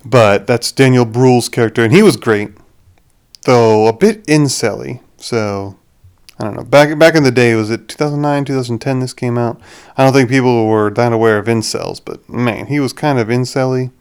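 A man's voice: mid-range voice, normal speed, clean tone. A young man hosting a podcast, rambling through a casual movie review with frequent restarts. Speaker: podcast host.

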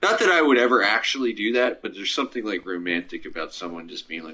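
A man's voice: fairly low pitch, expressive, quick pace, hardly any pauses, bright, forceful tone, slightly rough. A man co-hosting a podcast, talking casually about films in a rambling way, with lots of fillers. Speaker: podcast co-host. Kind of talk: casual movie chat. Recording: dull lo-fi sound.

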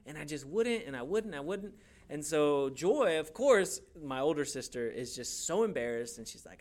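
With a fairly high-pitched voice at a moderate pace, a young man preaches, animating his stories with playful character voices. He is a pastor who grew up in a Hispanic church community.

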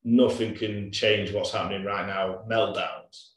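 A man, a father, talking loosely about parenting in a relaxed chat. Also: on the low side, a little slow. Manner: relaxed, loose, many fillers. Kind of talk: casual chat. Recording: very echoey, off-mic.

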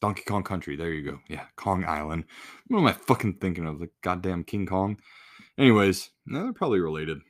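A man's voice: deep voice, lively intonation, brisk. A man hosting a podcast in a casual solo rant, blunt and full of swearing. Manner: profane, blunt, exasperated. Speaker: podcast host.

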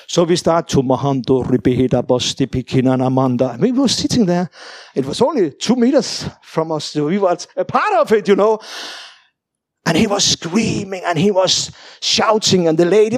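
Man, high voice, animated halting testimony, dry sound. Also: no echo. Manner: animated, halting, broken English. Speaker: guest sharing a testimony. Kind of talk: faith testimony storytelling.

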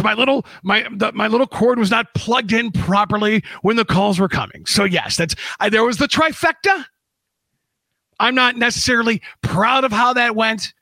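A man's voice: high-pitched, creaky, pushed and bright, no echo. A man hosting a casual show from his home studio, sarcastic and playful, often laughing at callers. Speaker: host. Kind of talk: casual online talk show. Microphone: studio mic.

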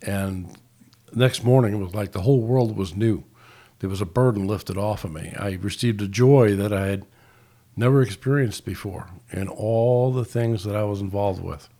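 Low-voiced man hosting a podcast. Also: normal speed, mellow. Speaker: podcast host. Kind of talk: casual podcast commentary.

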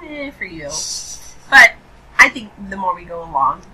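A woman's voice: lowish voice, sing-song, moderate pace, bright, forceful tone, rough recording. A woman hosting a casual podcast, playful and teasing, stretching words out for emphasis. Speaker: podcast host.

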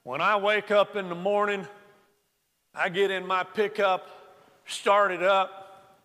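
A man's voice: high voice, little pitch movement, bright, forceful tone, long reverb tail, full character voice. A man voicing a boastful male Texas farmer with a big drawl, in a sermon joke. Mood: bragging. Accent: Texas drawl, put on. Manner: bragging, drawn-out.

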